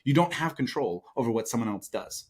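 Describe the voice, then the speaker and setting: A man's voice: medium pitch, animated, fairly quick, breathy edge. A man speaking as a guest and sales coach in an interview, emphatic, often asking "right?". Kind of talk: conversational interview.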